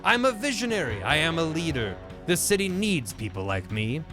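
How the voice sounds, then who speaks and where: A man voicing a pompous, scheming male fish mayor in a video game, speaking low and slow with grand self-importance. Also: big pitch swings, music in the background. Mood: grandiose.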